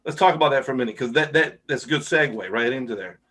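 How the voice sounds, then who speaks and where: This middle-aged podcast host keeps his interview chat casual and quick-paced, his medium-pitched voice a bit bright. He's enthusiastic, reacting again and again with "wow."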